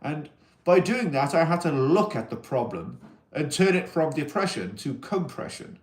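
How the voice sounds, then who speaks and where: A man with a fairly high, very animated voice hosts a casual mental-health livestream. He has an accent viewers keep guessing at. He rambles, reads chat comments aloud and answers them, and talks to "you humans" as an alien persona. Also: moderate pace. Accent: unplaced accent that viewers ask about. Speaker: livestream host.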